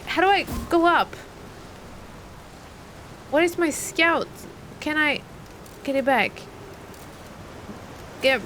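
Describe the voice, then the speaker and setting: A woman's voice: sits high, a bit bright, slight background noise. A young woman streaming a game live, chatty and thinking aloud while talking to her chat. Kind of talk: live gameplay commentary.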